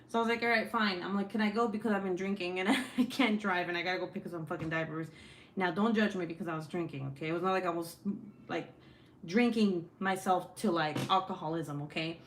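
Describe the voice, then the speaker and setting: A young woman chatting casually at home, telling profane stories and acting out the quotes in lively bursts. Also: lowish voice, moderate pace, a little hiss or hum. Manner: profane, animated, acts out quotes. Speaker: craft vlogger. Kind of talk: casual storytelling chat.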